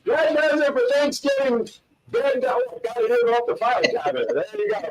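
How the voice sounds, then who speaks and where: Upbeat co-host, man, high voice, sitting a little off the mic, playful joke teller. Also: brisk, far from the mic, over a noisy crowd, rough recording. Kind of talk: casual talk show banter telling dad jokes.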